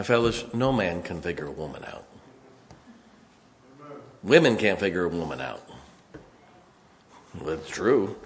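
A man preaching a sermon in a church, emphatic, swinging from loud to hushed. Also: fairly low pitch.

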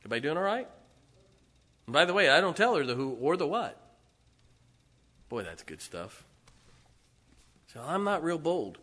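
A middle-aged male pastor delivering a sermon in a church, his voice bright and forceful. He talks to the congregation in a loose, conversational way, dropping asides and chuckling between points. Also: fairly high pitch, very animated, moderate pace, long pauses. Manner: conversational preaching with laughs and asides.

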